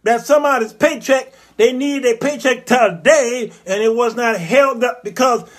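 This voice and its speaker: A man hosting a comedy talk show, telling a satirical story in an animated way and jumping into put-on voices. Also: extremely high pitch, moderate pace.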